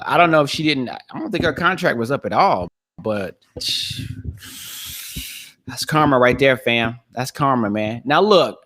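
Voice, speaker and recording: A man in his thirties hosts his own podcast, rambling in relaxed slang and circling back over the same phrases. He laughs easily, and his voice is slightly worn from recent shouting. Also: mid-range voice. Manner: loose, slangy, repeats phrases, laughs often. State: losing his voice. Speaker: podcast host. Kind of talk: casual solo podcast commentary.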